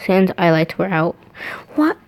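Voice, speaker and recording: A woman's voice: fairly low pitch, big pitch swings, a little slow, slight background noise, poor audio. A woman reading fan fiction aloud, breaking off to laugh and comment on it.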